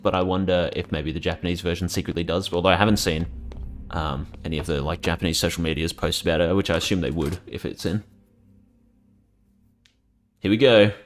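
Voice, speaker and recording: A man's voice: deep voice, fairly bright tone. A man giving casual gameplay commentary as a streamer, chatting in a rambling, casually profane way.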